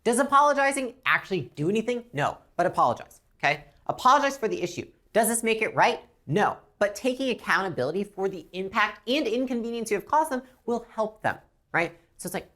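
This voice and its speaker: A fast-talking woman with a medium-pitched voice teaches a business class. She's animated and blunt, swears casually, and occasionally acts out how customers and reps talk.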